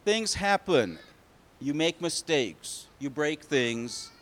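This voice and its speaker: A man telling a picture-book story to children, pausing to ask them questions. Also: a little high. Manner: animated, asks the children questions.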